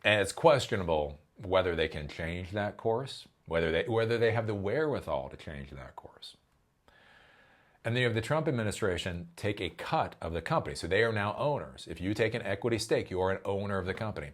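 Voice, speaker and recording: A man ranting in a commentary vlog, his pitch swinging up and down. He swears freely and bursts into loud exasperated outbursts, then drops low again. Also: lively intonation, fairly quick. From Ohio, US. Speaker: tech commentary host.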